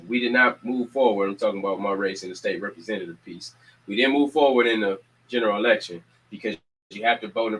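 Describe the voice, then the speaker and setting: Hosting a show, a community organizer makes casual announcements with lots of energy, repeating himself like a preacher and urging people to act. He has a lowish voice, captured on a rough recording.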